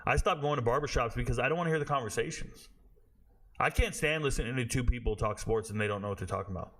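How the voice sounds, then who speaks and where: A man's voice: medium pitch, fast, a bit bright. A man in his forties hosting a sports show, ranting bluntly in casual talk and swearing freely. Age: 40s.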